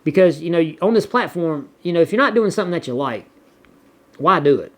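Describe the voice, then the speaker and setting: A man's voice: on the high side, expressive, brisk. A man with a Southern US accent chatting casually as a vlogger, rambling and repeating words as he reads viewer comments. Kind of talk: casual chat.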